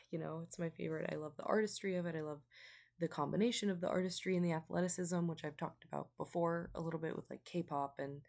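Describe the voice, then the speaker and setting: A young woman speaks straight to her viewers in a loose, heartfelt ramble full of ums and likes. Her voice sits on the low side with a steady gravelly fry. It sounds like an unscripted vlog. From United States. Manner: heartfelt and rambling, with many fillers. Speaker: vlogger. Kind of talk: casual vlog monologue.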